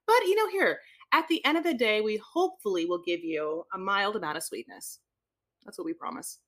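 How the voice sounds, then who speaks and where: A woman co-hosting a podcast, sassy and animated in casual chat about reality TV. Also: medium pitch, brisk. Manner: sassy, animated, calls people honey. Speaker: podcast co-host.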